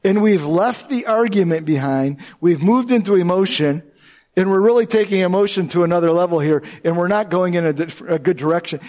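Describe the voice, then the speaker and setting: Brief: male pastor, high voice, earnest and emphatic sermon delivery. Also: brisk, darkish tone. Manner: earnest and emphatic, with shifting pace.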